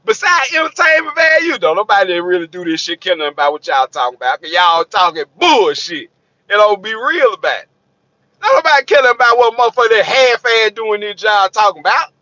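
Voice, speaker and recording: Profane, fired-up trucker ranting. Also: male voice, high voice, sing-song, fairly quick, bright, forceful tone, no room sound. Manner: profane, streetwise, preachy, repeats himself. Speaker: hotshot trucker vlogger. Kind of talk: blunt unscripted rant to camera. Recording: dull lo-fi recording.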